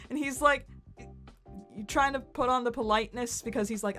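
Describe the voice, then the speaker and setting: A woman in her thirties rambles through a story in a casual, giggly way, poking fun at herself. She leans hard on "like" and pops into animated little voices when she quotes people. Faint music plays quietly in the background. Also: a little high, measured pace, pauses often. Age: 30s. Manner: giggly and self-deprecating, heavy use of "like". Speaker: channel host.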